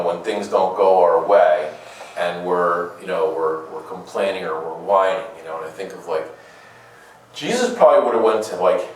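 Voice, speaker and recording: A man giving a conversational homily, full of rhetorical questions and playful asides, often repeating his words as he goes. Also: deep voice. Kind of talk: conversational sermon. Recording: very echoey room, distant mic.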